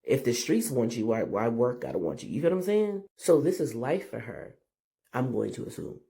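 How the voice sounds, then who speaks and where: A man with a groggy, gravelly morning voice gives casual, slangy commentary and keeps asking the audience questions. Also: mid-range voice, warm tone.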